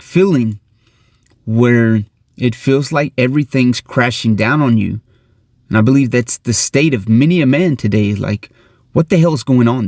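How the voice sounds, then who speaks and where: A man's voice: medium pitch, dry recording, clean studio sound. A middle-aged man hosting his own channel, giving an earnest, blunt motivational monologue and swearing casually. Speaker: host.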